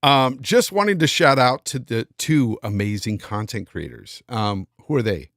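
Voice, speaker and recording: A man's voice: medium pitch, expressive, a little slow, fairly bright tone, dry recording, studio quality. A man hosting a casual live-stream podcast, reading out super chats and thanking viewers by name. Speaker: podcast host.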